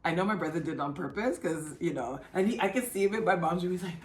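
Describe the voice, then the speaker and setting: A woman vlogger casually telling her own story in a chatty, animated way. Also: fast talker. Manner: chatty, animated, acts out others' lines in a high excited voice. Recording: echoey room with faint music.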